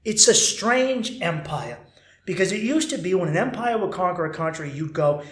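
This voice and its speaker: An American man hosts his podcast in a loose, rambling monologue, his voice sitting a little high for a man. He swears freely and slips into mock voices to act out his points. The sound carries a noticeable roomy echo. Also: normal speed. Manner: animated, profane, acts out mock quotes. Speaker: podcast host. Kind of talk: casual monologue.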